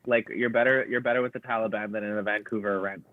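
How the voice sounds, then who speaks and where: A man's voice: on the low side, steady tone, fast. A man, a comedian guest, telling a rambling, profane story in casual chat and quoting people as he goes. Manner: rambling, profane, quotes others in dialogue. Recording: dry tinny phone-like sound.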